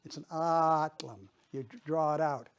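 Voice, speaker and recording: Older guy giving a talk, stops and restarts a lot, pitch on the high side, mellow dark tone. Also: steady tone. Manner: halting, many restarts and repeated words. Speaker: guest speaker. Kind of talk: informal presentation with audience chat.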